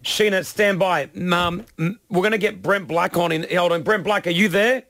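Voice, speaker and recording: A man hosting a breakfast radio show, energetic and laughing as he hypes everyone up. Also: sits high, moderate pace, no room sound, clean studio sound.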